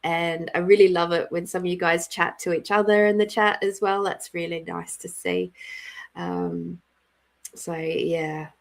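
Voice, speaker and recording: Slow-talking, giggly woman hosting a reading. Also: on the low side, fairly even intonation, creaky. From Australia. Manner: bubbly and giggly, talks to viewers by name. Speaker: intuitive card reader and live-stream host. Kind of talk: casual live-stream chat with viewers.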